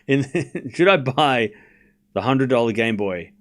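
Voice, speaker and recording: Lively excitable male stream commentator. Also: mid-range voice, a little slow. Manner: excitable play-by-play mixed with laid-back banter to chat. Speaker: stream host doing live tennis commentary. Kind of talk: casual live-stream watchalong commentary.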